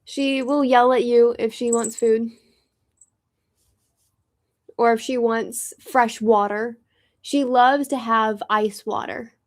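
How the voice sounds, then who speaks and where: Casual drummer host, woman from Florida, a touch high-pitched, loose and talkative. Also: steady tone, slow pace, pauses often. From Pensacola, Florida, US. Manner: chatty, rambling storyteller. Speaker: drummer and host of a music channel. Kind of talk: casual chat while tuning drums.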